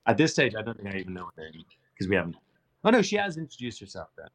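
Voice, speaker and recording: A man's voice: fairly low pitch, wildly swooping pitch, very fast, fairly bright tone. A male TV presenter, a guest on a show, telling a casual story that rambles and often restarts mid-sentence.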